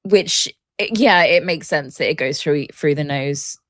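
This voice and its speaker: English woman producer on a podcast, deadpan, lowish voice, dry close mic. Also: unhurried, no room sound. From Britain. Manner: dry, deadpan, laughs easily. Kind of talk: casual podcast chat.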